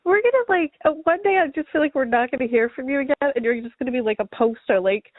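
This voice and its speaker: A woman's voice: high voice, expressive, quick pace, dry recording. A woman co-hosting a podcast, teasing her co-host and reacting with gasps and giggles. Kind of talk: casual chat. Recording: dry, phone-like lo-fi audio.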